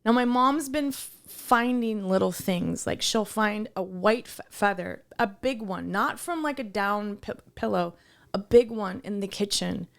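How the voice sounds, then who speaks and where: Gravelly-voiced woman telling a story. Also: medium pitch, unhurried. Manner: animated storyteller who acts out quoted dialogue. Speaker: podcast co-host. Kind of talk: casual podcast chat, storytelling.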